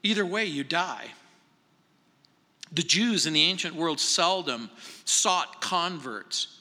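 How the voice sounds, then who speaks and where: A male pastor preaching a verse-by-verse sermon, conversational and emphatic, moving between quiet asides and raised stresses. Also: on the high side, animated, takes it slowly. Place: church sanctuary. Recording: long church hall reverb.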